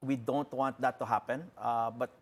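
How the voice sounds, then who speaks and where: A man answering interview questions as an industry representative, measured, quoting figures with fillers and restarts. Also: medium pitch, little pitch movement, breathy edge.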